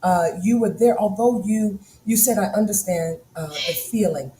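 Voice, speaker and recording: A middle-aged woman co-hosting a casual talk, telling stories in an animated way and often laughing. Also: medium pitch, normal speed. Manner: animated storytelling with frequent laughter. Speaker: co-host. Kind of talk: casual chat. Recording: echoey room with faint noise.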